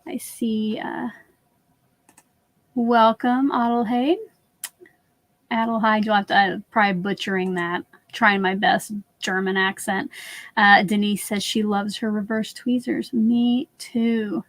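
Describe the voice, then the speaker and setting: A woman's voice: mid-range voice, steady tone, slow, fairly bright tone, no echo. A woman hosting a live crafting stream who stands while she works and chats to viewers as she walks them through each step. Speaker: crafting channel host.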